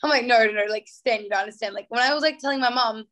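A young Australian woman with an Australian accent talks very fast in a fairly high, slightly bright voice. She's a singer appearing as a guest in a casual interview, bubbly, full of fillers, and acting out quotes as she chats.

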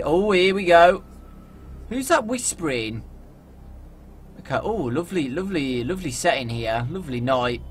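A young man from England doing jokey, animated let's play commentary as a gaming video host, often yelling at the game. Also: a little high, a little slow, breathy edge.

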